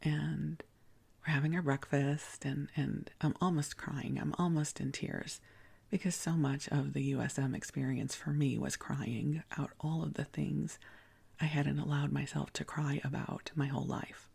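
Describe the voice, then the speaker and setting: A woman in her sixties, a podcast host, telling a personal story in a soft, breathy near-whisper with a gentle, confiding manner. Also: low voice, steady tone, measured pace. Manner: gentle and confiding, with small restarts.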